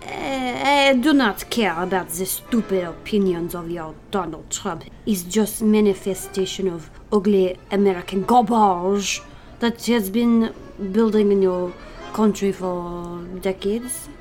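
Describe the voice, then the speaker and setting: A woman's voice: medium pitch, a little slow, a little mellow, faint music behind, natural voice. An actress playing a haughty, contemptuous French woman with a French accent. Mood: scornful. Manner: haughty, sneering. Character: snooty adult French woman, contemptuous and scornful.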